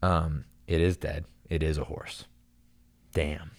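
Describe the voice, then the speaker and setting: A man telling a long story in casual chat, animated and rambling, full of "dude" and "like". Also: very deep voice, slow.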